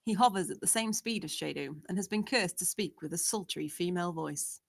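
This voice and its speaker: A woman's voice: on the low side, fairly quick, creaky. A woman narrating, steadily reading out the scene descriptions of a screenplay.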